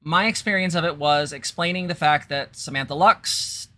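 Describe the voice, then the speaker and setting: A woman's voice: deep voice, normal speed, sharp tone. A woman co-host talking casually in a chatty, conversational way. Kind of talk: casual commentary.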